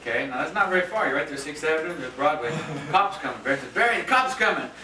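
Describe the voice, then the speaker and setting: A man's voice: on the high side, racing. A man telling a long, laughing story at a birthday roast, full of fillers and restarts, recorded on a home video camera at a party. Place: party room with guests. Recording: echoey room, distant camera, crowd noise.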